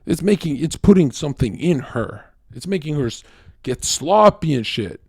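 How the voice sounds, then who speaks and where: A male livestreamer in a casual monologue. He is blunt, crude and profane, rambling with lots of fillers and swinging between loud bursts and low mutters. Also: big pitch swings, moderate pace, husky, dry recording, studio quality.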